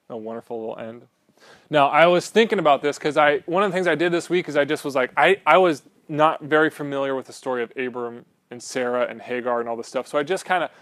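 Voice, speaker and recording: A pastor from Southern California delivers a relaxed, conversational sermon in a slightly high voice, captured in a dry recording. He's animated and keeps checking in with the room, often asking "right?"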